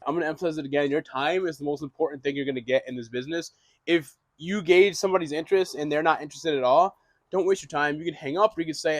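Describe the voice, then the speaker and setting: A young man gives a casual wholesaling lesson at a quick clip, with a voice that sits a little high. He rambles, repeats himself and swears offhandedly. The recording is close and dry. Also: dry recording. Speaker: real estate wholesaling instructor. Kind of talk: casual teaching monologue. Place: small room, writing on a board.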